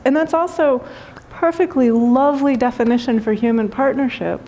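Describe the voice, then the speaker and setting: A woman's voice: a little high, normal speed, a little mellow. A woman giving a spiritual talk as teacher, telling a funny story and laughing often.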